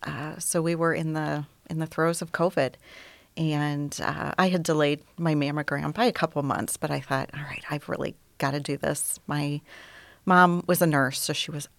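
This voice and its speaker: A middle-aged woman telling her personal story as an interview guest, softly, often dropping to a near whisper. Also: sits low, steady tone, moderate pace, vocal fry, no echo.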